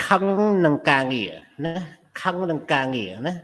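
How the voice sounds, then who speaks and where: Guy teaching english, reads out example lines then explains, kinda high voice, lots of ups and downs. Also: animated, rapid-fire, fairly bright tone. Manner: reads example sentences aloud then explains stress in Khmer. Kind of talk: classroom lesson mixing English and Khmer. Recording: long reverb in the room.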